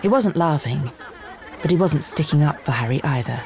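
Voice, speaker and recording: A narrator reading a fantasy novel aloud in a steady, expressive storytelling manner. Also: mid-range voice, normal speed, a faint crowd, a little hiss or hum. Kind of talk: audiobook reading.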